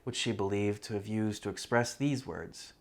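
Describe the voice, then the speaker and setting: A man reading his own literary love story aloud in a measured, reflective first-person narration. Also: on the low side.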